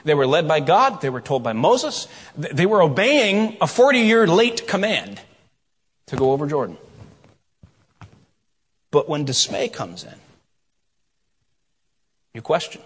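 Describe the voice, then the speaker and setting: Animated preacher in a reverberant hall. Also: male voice, on the high side, measured pace, long pauses, husky. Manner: storytelling, animated, shifts from quiet asides to loud questions. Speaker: pastor. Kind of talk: sermon.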